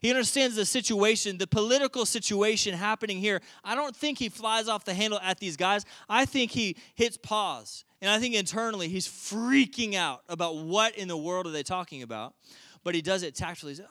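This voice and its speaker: A man preaching a sermon, retelling a story in a lively, conversational way. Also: sits high, fairly quick, dry recording. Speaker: pastor.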